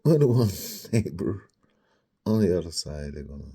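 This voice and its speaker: A man's voice: sits low, animated, normal speed, dark tone, slightly rough. A man in his fifties with a sore throat, rambling in a meandering personal monologue that drifts into mutters and whispers. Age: 50s. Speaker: vlogger.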